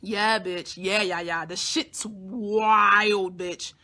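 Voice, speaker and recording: A young woman vlogger telling a personal story to her audience in a blunt, profane, animated way. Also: medium pitch, very slow. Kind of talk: casual storytelling to camera.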